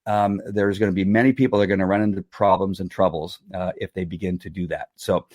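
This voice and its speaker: A man's voice: deep voice, fairly even intonation, fast talker, darkish tone, no echo, studio quality. A middle-aged man, a dog trainer, talking earnestly and a bit rambling on a live stream, answering viewer comments.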